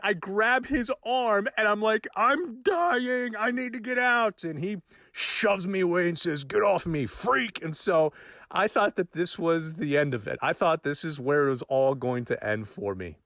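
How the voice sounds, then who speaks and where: A man telling a personal story in an animated, self-mocking way, his voice climbing when the tension builds. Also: on the high side, dry recording, studio quality. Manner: animated, self-mocking, rising excitement at key moments.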